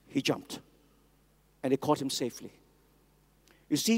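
A man's voice: fairly high pitch, animated, moderate pace, pauses often. A man preaching a sermon, emphatic and repetitive, calling on the congregation to answer back. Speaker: pastor. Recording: long reverb of a large hall.

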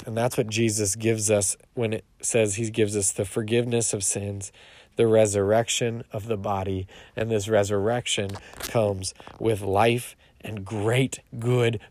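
A male pastor giving a short devotional teaching in a relaxed, conversational way, with restarts and casual asides. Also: medium pitch, dry recording.

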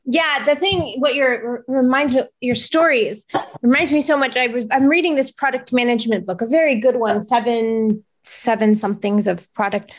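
A woman's voice: fairly high pitch, normal speed. A woman hosting a casual interview, responding briefly and sharing a related story. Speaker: host.

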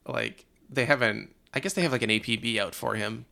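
Gravelly-voiced man chatting about a film. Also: medium pitch. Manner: relaxed, laughs often, acts out lines in quick impressions. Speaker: podcast co-host. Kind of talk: casual film discussion.

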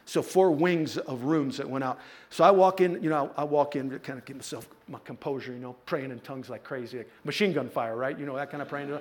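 A man's voice: mid-range voice, fairly quick. A middle-aged man pastor preaching a sermon, telling a personal story with playful asides to his congregation. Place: church.

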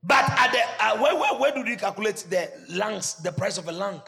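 Shouting Ghanaian preacher, high and lively. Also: male voice, fairly quick, creaky, big-room sound, soft background music. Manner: animated preaching, swinging from shouts to low asides. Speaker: pastor. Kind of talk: sermon.

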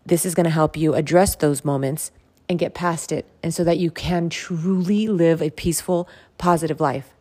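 Earnest low-voiced woman podcaster. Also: steady tone, moderate pace, dark tone. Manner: earnest, emphatic, repeats phrases for stress. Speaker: podcast host. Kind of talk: motivational self-help monologue.

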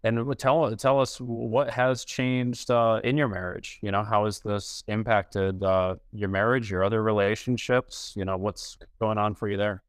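A man's voice: fairly low pitch, fairly even intonation, unhurried, hardly any pauses, clean tone, dry recording, clean studio sound. A man hosting a podcast, asking long, winding questions of his guest. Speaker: podcast host. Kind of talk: supportive interview questions.

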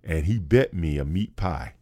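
A man from with a bass voice, telling a funny story in an animated way. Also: moderate pace. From North Carolina, USA. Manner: lively, acts out the other people in his story. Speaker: guest.

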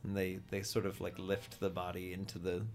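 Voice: low-pitched, monotone, a little fast, a little mellow, faint music behind. A game master narrating a tabletop game in a playful way, sometimes chanting creature noises.

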